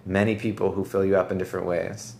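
A low-pitched man hosting a relaxed podcast conversation. He wanders through his thoughts with lots of "like" and "right?", and faint noise hums under the recording. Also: fast talker, gravelly. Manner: rambling, reflective, heavy use of "like" and "right?". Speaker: podcast host.

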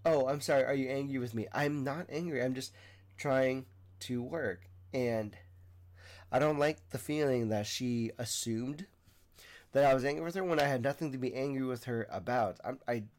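A man's voice: mid-range voice, normal speed, a little mellow. A young man hosting a podcast, talking earnestly in a casual monologue, often restarting his sentences. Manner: earnest, rambling, with frequent restarts. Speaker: podcast host.

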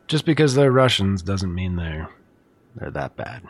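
Lively low-voiced male player. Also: measured pace, slightly rough, dry recording. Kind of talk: casual tabletop play.

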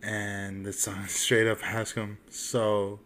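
A man's voice: on the low side, level tone, slow, a bit bright, slight background noise. A young man co-hosting a casual podcast, telling a crude joke full of swearing and acted-out voices. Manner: swearing storyteller, acts out voices. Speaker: podcast co-host.

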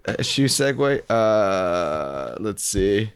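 Lively low-voiced man tossing in reactions. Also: a little slow. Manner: brief reactive interjections, wordplay. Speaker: podcast co-host. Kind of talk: casual chat.

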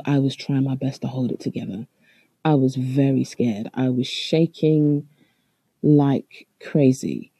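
A voice, deep in dark, mellow tones and full of gravelly fry, recounts a personal story with halting earnestness. The sound is husky and close. The room is dry and dead. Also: dry recording, low-quality recording. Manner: earnest, halting, with frequent restarts and fillers. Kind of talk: first-person spoken account.

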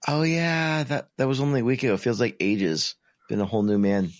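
A man's voice: medium pitch, steady tone, brisk, no echo, studio quality. A man in his twenties co-hosting a podcast, chatting casually and rambling with lots of fillers, sounding tired. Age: 20s. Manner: rambling, self-deprecating, many fillers. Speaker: podcast co-host. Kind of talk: casual chat.

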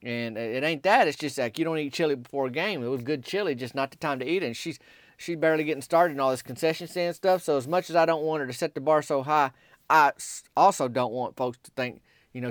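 Young guy rambling a folksy story, drawl, mid pitch, dry close sound. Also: no echo. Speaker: comic character monologuist. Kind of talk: comedic character monologue.

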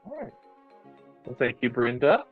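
A man's voice: medium pitch, very animated, moderate pace, slightly rough, phone-quality sound, faint music behind. A man hosting an interview, speaking casually with many hesitant fillers. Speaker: interview host.

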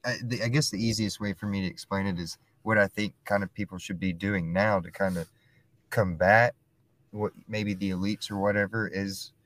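A young man with a low voice chats casually on a podcast. He talks haltingly, restarting sentences and filling gaps with "like" and "you know.". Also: fairly even intonation, a bit bright, no room sound. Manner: halting, searches for words, many fillers.

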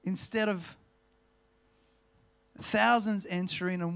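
Male Australian preacher, slightly high voice, relaxed storytelling sermon with slow emphasis. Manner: storytelling, slows down to stress key words. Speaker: pastor.

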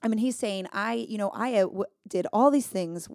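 A woman's voice: mid-range voice, moderate pace, a little mellow, no room sound, clean studio sound. A woman co-hosting a casual Bible study chat, earnest and emphatic, thinking aloud as she explains. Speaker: podcast co-host.

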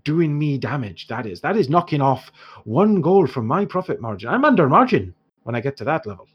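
Man playing a dwarf shopkeeper, put-on Irish accent, greedy, theatrical, wheedling, swooping pitch. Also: sing-song, brisk, slightly rough, dull audio. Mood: mock-offended. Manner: wheedling, exaggerated sales patter with pitch leaps.

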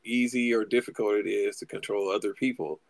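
A man's voice: on the low side, fairly even intonation, brisk, vocal fry, dry recording. A man co-hosting a casual podcast, agreeing and adding thoughtful points.

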